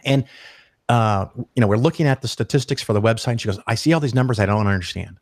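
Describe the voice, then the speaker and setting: Animated, profane man telling a story. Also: lowish voice, fast talker, no echo, clean studio sound. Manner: animated, profane, acts out quoted voices. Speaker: podcast guest. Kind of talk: casual storytelling interview.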